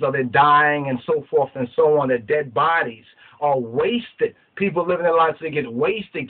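A fairly high-voiced man preaches about scripture in an impassioned, streetwise way. He keeps checking in with the listener as he builds his points. The sound is thin and tinny, like a phone line. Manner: preachy, streetwise, keeps asking "you understand?". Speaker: Rastafari teacher.

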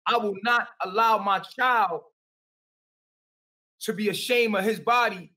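High, bright man talking from afar. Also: a little slow, recorded from a distance, low-quality recording. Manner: rambling, repeats himself, defensive. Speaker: interview guest. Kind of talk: defensive conversation on a call.

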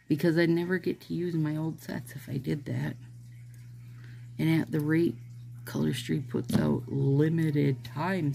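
Low gravelly-voiced woman chatting slowly. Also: mellow. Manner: rambling, chatty, addresses viewers as "you guys". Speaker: nail art vlogger. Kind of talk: casual chat while doing a manicure.

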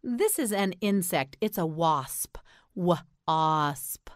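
Brief: American woman, pronunciation teacher, very slow and deliberate, dry close sound. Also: fairly low pitch, lively intonation, no echo. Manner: slow, carefully enunciated, patient prompting. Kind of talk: slow repeat-after-me pronunciation drill.

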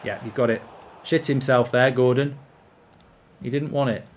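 A man giving excitable, sweary live commentary while he plays a football video game. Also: mid-range voice, normal speed, a little hiss or hum. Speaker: gaming streamer.

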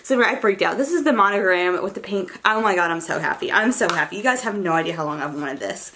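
A young woman talking fast and excitedly as she shows off her shopping haul. Her voice swings up and down a lot and she rambles, full of fillers and little gushing asides. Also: mid-range voice, a little hiss or hum. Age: young adult. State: college freshman. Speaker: beauty vlogger. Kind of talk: casual haul vlog.

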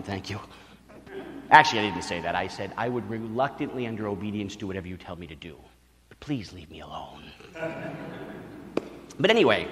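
A middle-aged priest, giving a retreat talk full of stories and playful acted-out voices. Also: male voice, mid-range voice. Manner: animated storyteller, acts out voices. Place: church. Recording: church hall reverb.

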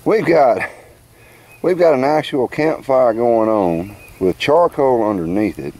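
A man's voice: medium pitch, lively intonation, unhurried, a little mellow. A man, filming a campout and presenting the food to camera in a folksy, joking way. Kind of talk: casual show-and-tell narration to camera. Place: outdoor campsite.

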